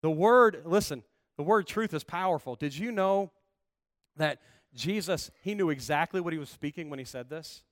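High-voiced man preaching with rising fervor. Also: expressive, moderate pace, dry recording, studio quality. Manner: emphatic preaching, building to loud passionate calls. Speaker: pastor. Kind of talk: sermon.

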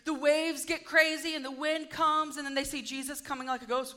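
A woman with a high, bright voice delivers a sermon in a chatty, storytelling way. She slips into quick little character voices for the people in the story. Her tone stays conversational and easy. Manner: lively storytelling, acting out quoted lines. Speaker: preacher.

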